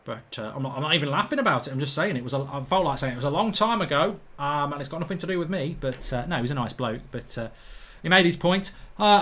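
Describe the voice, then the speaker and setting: Hosting a live football watchalong, this slightly high-pitched, middle-aged man from England reads viewers' comments and rants indignantly about bad referee decisions in blunt, everyday language. He speaks fast, with lively intonation and a bright, forceful tone.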